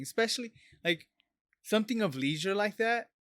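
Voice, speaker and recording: A man on a podcast with a somewhat high voice tells stories in a loose, profane way. He gets animated as he goes, and he sits close to the mic in a dry room with no echo. It sounds like a casual chat among friends. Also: normal speed. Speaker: podcast co-host.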